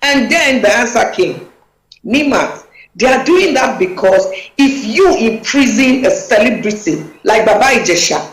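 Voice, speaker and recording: A woman's voice: on the high side, animated, a little slow, echoey room, low-quality recording. A woman, a talk show guest speaking emphatically and urgently over a video call.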